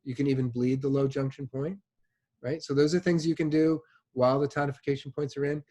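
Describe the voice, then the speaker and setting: A male instructor talking through a class lecture at a middle pitch. He keeps things casual and conversational, tossing in "you know" and "like" and checking in with "right?" every few sentences. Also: level tone, fairly quick, mellow. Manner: many fillers like "like" and "you know".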